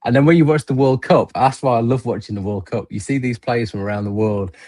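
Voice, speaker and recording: A man's voice: medium pitch, fast talker, darkish tone. A middle-aged man hosting a podcast in casual chat. He tells rambling stories full of fillers and restarts. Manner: rambling, filler-heavy storytelling. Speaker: podcast host. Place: remote podcast stream.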